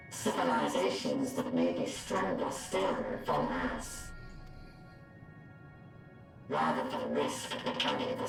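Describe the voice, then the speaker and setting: A detached male android from a game, his robotic voice very deep and gravelly, rising and falling widely. He speaks slowly and formally. The voice sounds echoey and distant, with loud music underneath. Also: full character voice. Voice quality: processed robotic timbre. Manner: measured, formal, unhurried. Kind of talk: game cutscene voice acting.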